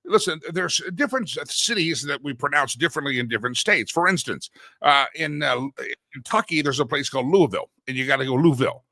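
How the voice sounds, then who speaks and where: Sarcastic, ranting talk host. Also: male voice, fairly high pitch, expressive, a little fast, pushed and bright, no echo. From Texas. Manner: sarcastic, ranting, laughs at his own jokes. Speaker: radio talk show host. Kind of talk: opinionated monologue.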